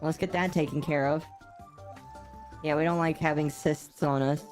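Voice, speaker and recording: Sleepy low-voiced woman streamer. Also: fairly even intonation, normal speed, a little mellow, faint music behind. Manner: chatty, self-deprecating, reads chat aloud. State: sleepy, yawning often. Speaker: game streamer. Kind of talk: casual live-stream chat while gaming.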